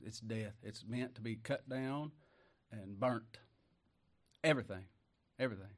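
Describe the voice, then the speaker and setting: A man preaching a sermon who reads scripture loudly and slowly, then drops to quiet asides and rhetorical questions in a folksy way. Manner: swings from loud, slow scripture reading to quiet, low asides.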